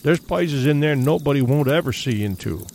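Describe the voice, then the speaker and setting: A man voicing a grim, uneasy male backwoods guide from Canada, who talks in folksy, rough backwoods grammar. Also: a little high, animated, normal speed, darkish tone, a little hiss or hum.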